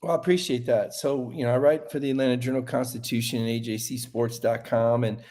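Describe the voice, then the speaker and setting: A man in his fifties, a sportswriter guest, talking sports in a relaxed way and thinking aloud with many restarts. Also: mid-range voice, brisk, hardly any pauses. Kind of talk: casual sports talk.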